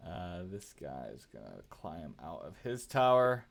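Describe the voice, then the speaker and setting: A man narrating as game master in a tabletop game over voice chat, relaxed and joking as he moves the monsters. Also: sits low, measured pace, creaky.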